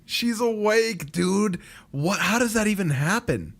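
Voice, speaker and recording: A man co-hosting an anime reaction stream, chuckling often and answering in short, quick replies. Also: high-pitched, expressive, vocal fry. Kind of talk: casual chat.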